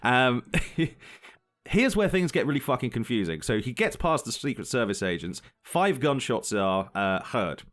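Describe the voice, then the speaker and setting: A man's voice: mid-range voice, sing-song, moderate pace, fairly bright tone. A young man co-hosting a podcast, walking through a story in casual chat, rambling and sweary, often laughing. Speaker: podcast co-host.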